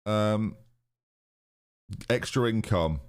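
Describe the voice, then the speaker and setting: A man's voice: fairly low pitch, drawn-out words, smooth. A British man streaming a football management game live, chatting sarcastically and reading out his viewers' messages. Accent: British English. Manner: chatty, sarcastic, reads chat aloud. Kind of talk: casual live-stream commentary.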